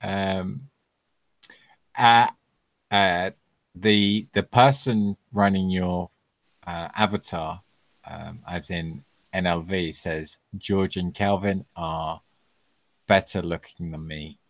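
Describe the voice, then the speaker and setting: A very low-voiced man hosting a relaxed livestream Q&A over a video call. He talks loosely, swears freely and laughs a lot, tacking "mate" onto his sentences. The sound is dry, with no room around it. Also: slow pace, long pauses, dry recording. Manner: laid-back, sweary, laughs a lot, calls people mate. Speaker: host. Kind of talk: casual livestream Q&A.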